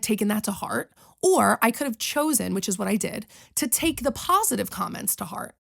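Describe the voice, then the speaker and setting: Sassy young woman with a gravelly edge. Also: on the high side. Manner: sassy, chatty and self-motivating. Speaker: singer and podcast host. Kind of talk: casual chat to camera.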